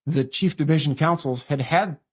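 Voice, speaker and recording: A middle-aged man, a guest on an interview show, telling a story in a brisk conversational way and acting out the lines people said to him. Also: fairly high pitch, slightly rough. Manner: fast retelling that acts out quoted dialogue.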